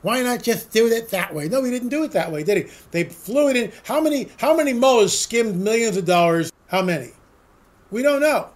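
A man's voice: extremely high pitch, expressive, fairly quick. A man giving an opinionated solo commentary, sarcastic and ranting, firing off rhetorical questions to his listeners. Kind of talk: opinionated monologue.

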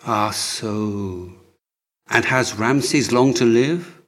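A man's voice: mid-range voice, drawn-out words. A man reading as a dying young prince, faint and pleading. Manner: weak, pleading, urgent. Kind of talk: audiobook reading.

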